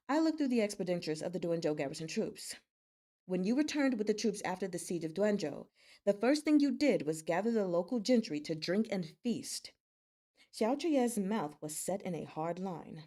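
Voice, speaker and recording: A woman with a medium-pitched, animated, mellow voice speaks at normal speed. She hosts a live-stream read-aloud of a novel, narrating steadily and chatting in a giggly way with her listeners between readings.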